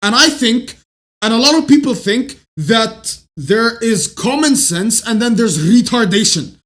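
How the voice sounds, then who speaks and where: Blunt, high-voiced man ranting. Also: expressive, a little slow. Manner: blunt, profane, rising to shouts when heated. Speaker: self-improvement channel host. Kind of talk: opinionated monologue to camera. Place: Canada.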